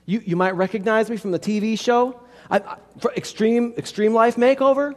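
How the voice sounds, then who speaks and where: A man's voice: high-pitched, steady tone, normal speed, pitched above the performer's own voice, lightly acted. A man voicing a vain male television host who is stranded and keeps insisting on who he is. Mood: insistent. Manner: boastful, flustered, insistent. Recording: long hall reverb.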